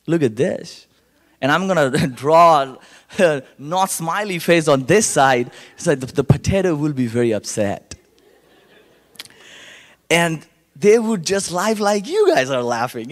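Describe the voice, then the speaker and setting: Young Indian-accented man, warm storyteller, fairly high voice, long church reverb. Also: a little slow. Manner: animated storyteller, acts out voices in quotes. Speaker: guest speaker sharing testimony. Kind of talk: church testimony to a congregation. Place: church sanctuary.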